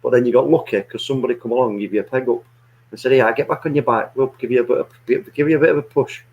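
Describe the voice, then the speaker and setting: Brief: football fan, loud teasing banter, swears a lot, laughs often. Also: male voice, mid-range voice, fairly even intonation, rapid-fire, lo-fi sound. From England. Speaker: co-host of a football watch-along. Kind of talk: casual chat.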